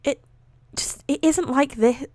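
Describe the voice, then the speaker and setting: Firm, worried young woman friend read by a woman streamer; higher, insistent. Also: unhurried, darkish tone, no room sound. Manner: firm, pressing.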